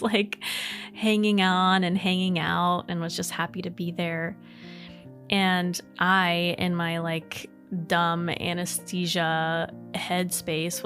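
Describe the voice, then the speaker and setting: Young female podcast host, chatty and rambling, slightly low pitch, soft music bed. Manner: rambling, lots of fillers, emotional at times. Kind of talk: casual ghost story telling.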